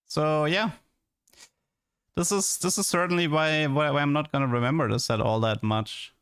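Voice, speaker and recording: A man's voice: fairly high pitch, fairly even intonation, moderate pace, fairly bright tone, clean tone. A young man streaming and chatting casually, rambling and stammering, often repeating words and laughing.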